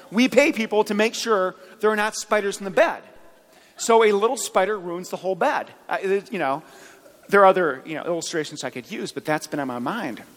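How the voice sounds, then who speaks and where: A man's voice: high voice, a bit bright, long reverb tail, low-quality recording. A man preaching a sermon as pastor, chatty, with joking asides. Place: church.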